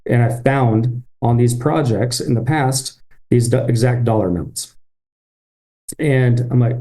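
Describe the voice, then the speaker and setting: A man's voice: medium pitch, moderate pace, warm tone. A man, a business-owner guest on a podcast, telling a story and acting out his own past thoughts and phone calls.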